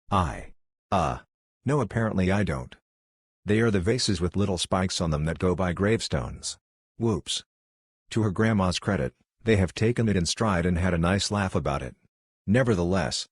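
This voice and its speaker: A man reading online posts aloud in a flat, even narrating style. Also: sits low, slightly rough, dry recording, studio quality.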